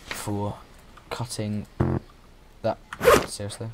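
A man's voice: lowish voice, fairly even intonation, moderate pace, long pauses, heavy background noise. A young man chatting casually and playfully as he plays a survival game, rambling and restarting his sentences. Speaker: gaming YouTuber. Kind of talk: casual let's-play commentary.

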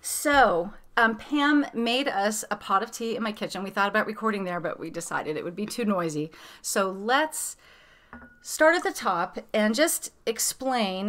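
A woman's voice: medium pitch, a bit bright, no room sound. A woman hosting a podcast, chatting casually with plenty of fillers and restarts. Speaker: podcast host. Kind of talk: casual chat.

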